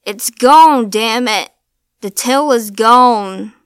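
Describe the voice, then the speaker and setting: A woman voicing a gruff, desperate old backwoods man in a spoken ghost story, shouting his lines. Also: on the low side, little pitch movement, slow, dry recording, clean studio sound. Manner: shouting, agitated.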